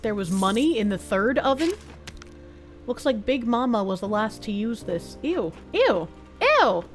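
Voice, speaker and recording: A woman's voice: medium pitch, moderate pace, low-quality recording. A woman streamer giving casual commentary while she plays, chatting to the game's characters and swearing casually. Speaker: game streamer. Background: game music.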